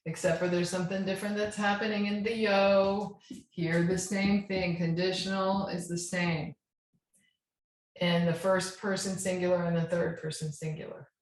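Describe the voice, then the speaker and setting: A woman teaching a Spanish grammar lesson, patient and checking in often as she spells out verb endings. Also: mid-range voice. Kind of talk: classroom lesson. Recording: echoey room.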